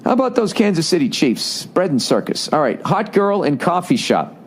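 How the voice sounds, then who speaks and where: Boston guy in his 40s ranting on his podcast, swears a lot, sarcastic, reading emails out loud, bit of hiss behind him. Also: on the high side, normal speed. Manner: profane, sarcastic, animated ranting; reads listener emails aloud with running commentary. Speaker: podcast host. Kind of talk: rambling comedic monologue.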